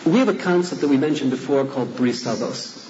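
A man's voice: medium pitch, animated, fast talker, mellow, echoey room, a little hiss or hum. A man teaching a class, earnestly reading verses aloud and translating them. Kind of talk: lecture explaining liturgical poems. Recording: dull lo-fi recording.

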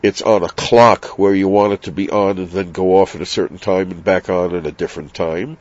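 A man giving a slow, deliberate and emphatic Torah lesson on Sabbath law. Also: low-pitched, steady tone, darkish tone. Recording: dull, dry, lo-fi sound.

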